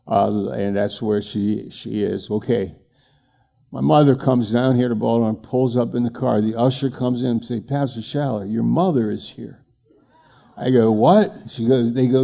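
Gravelly older man preaching. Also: mid-range voice, mellow. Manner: conversational storytelling preacher, acting out dialogue. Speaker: pastor. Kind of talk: sermon.

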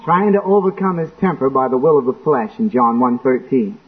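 A man preaching a sermon in church, acting out quotes and breaking into sudden shouts. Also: mid-range voice, brisk. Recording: tinny lo-fi phone-like recording.

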